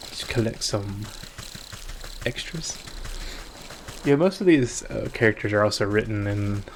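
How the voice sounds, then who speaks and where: A man hosting a game playthrough who makes rambling, soft-spoken casual asides. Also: fairly low pitch, lively intonation, a little slow, noisy background. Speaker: let's play host. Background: game music.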